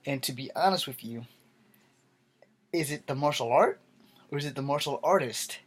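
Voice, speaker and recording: A man's voice: mid-range voice, normal speed, long pauses, husky. A tired middle-aged man ranting bluntly to camera late at night, rambling and swearing freely. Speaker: vlogger.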